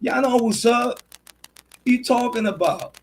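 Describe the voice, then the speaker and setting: A man's voice: very high voice, a little slow, slight background noise, rough recording. A man hosting a casual livestream monologue, talking in boastful, swaggering street slang about himself. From Puerto Rico. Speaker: true crime and sports commentary host.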